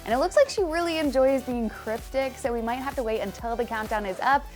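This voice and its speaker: A woman's voice: high-pitched, a little fast, soft background music. A young adult woman hosting an entertainment news show, presenting stories in a chatty, breezy way with personal asides. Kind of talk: upbeat scripted news presenting.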